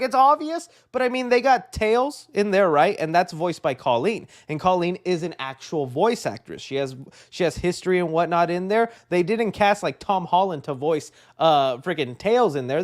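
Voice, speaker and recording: A high-pitched young man hosting a casual movie news livestream. He rambles excitedly from thought to thought, tossing in "dude" constantly and laughing at his own asides. His tone stays loose and chatty throughout. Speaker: host of a live movie news show.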